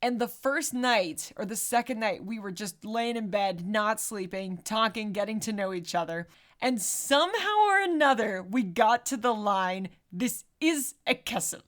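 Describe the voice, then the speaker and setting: A woman co-hosting a podcast, telling the story of a movie in a casual, lively way, with swearing and frequent laughter. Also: mid-range voice, moderate pace. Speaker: podcast co-host. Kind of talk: casual movie recap chat.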